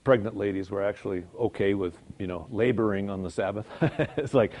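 A man's voice: lowish voice, normal speed, gravelly, darkish tone, slight background noise. A man giving an informal sermon, talking conversationally, chuckling often and joking about himself. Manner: conversational, chuckles often, jokes at his own expense. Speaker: Christian speaker.

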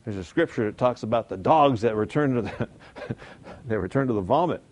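A man teaching a Sunday school Bible lesson in a conversational, folksy way, slowing down and building up for emphasis. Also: medium pitch, expressive, slight background noise. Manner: conversational, folksy, chuckles at own points.

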